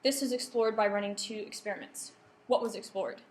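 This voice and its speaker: A woman's voice: medium pitch, steady tone, a little fast. A young woman giving a writing workshop to students, explaining points with frequent ums and self-corrections. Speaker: lecturer. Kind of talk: academic writing workshop talk. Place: lecture room. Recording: echoey lecture room.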